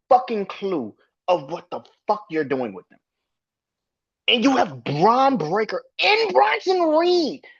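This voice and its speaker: A slightly rough voice on the high side: a podcast host venting about wrestling, swearing, exasperated, laughing in disbelief. The lo-fi recording sounds dull.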